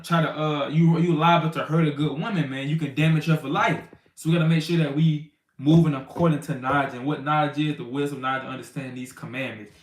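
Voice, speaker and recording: A man gives an informal bible teaching, slangy and conversational, and acts out everyday scenes for the brothers. His voice sits a little high for a man. It is picked up from a distance and rings in a roomy space. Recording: roomy sound from a distant mic.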